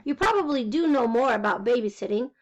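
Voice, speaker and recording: An anxious, caring mother who frets over her little boy, voiced by a woman reading aloud. Her voice is light and high, and she pleads gently whenever she asks for help. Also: lively intonation, a little fast, dull audio. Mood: fretful.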